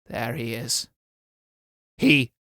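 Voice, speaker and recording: A man playing a scheming old man on crutches, speaking in a low, menacing and commanding way. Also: very slow, sharp tone, no echo, studio quality. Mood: hushed.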